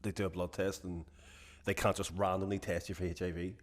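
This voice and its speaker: A hungover man co-hosting a podcast, swearing freely in animated banter. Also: sits low, a little fast. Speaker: podcast co-host. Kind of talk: casual podcast chat.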